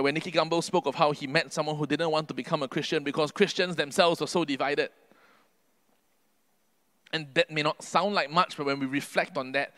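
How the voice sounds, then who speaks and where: A man preaching a sermon earnestly, building to emphatic peaks and then dropping his voice low. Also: a bit bright. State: can't sing due to covid.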